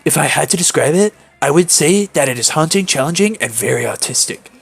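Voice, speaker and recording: A man's voice: fairly high pitch, animated, brisk, gravelly, slightly rough, faint music behind, full character voice. A man doing a pompous artsy vampire photographer. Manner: pompous, artsy and self-serious.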